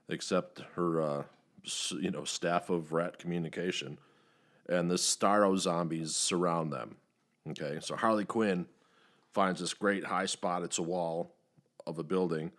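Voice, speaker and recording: A man with a very low voice recaps a movie on his podcast. He rambles, stops often to hunt for words, and swears casually as he goes. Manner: rambling, many "uh" fillers, profane, acts out quotes in higher voices. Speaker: podcast host reviewing a movie.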